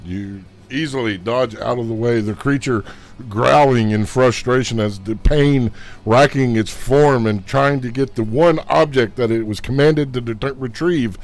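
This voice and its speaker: A man's voice: mid-range voice, measured pace. A man narrating as game master of a tabletop game, mixing vivid combat description with casual rules talk.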